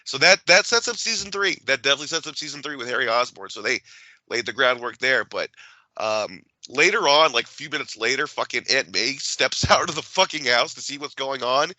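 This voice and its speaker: Guy cohosting a podcast, cussing a lot, bright voice, dry mic. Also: mid-range voice, a little fast, no room sound, poor audio. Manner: swears a lot, animated retelling. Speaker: podcast co-host. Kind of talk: casual chat.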